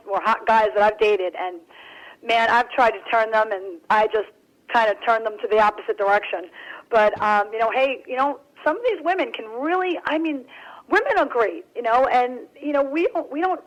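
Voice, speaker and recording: A woman's voice, slightly higher than most, chatting as a radio guest. She rambles cheerfully and leans on fillers like "you know". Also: brisk, dull audio. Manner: bubbly, rambling, with many fillers. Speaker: author and guest. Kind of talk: casual radio interview chat.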